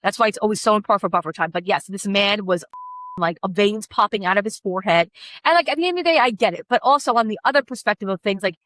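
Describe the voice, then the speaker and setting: A woman wedding coordinator tells a story in quick, blunt, animated bursts, swearing freely as she plays out each exchange. The sound is dry and close, with no room echo. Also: medium pitch. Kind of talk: casual storytelling chat.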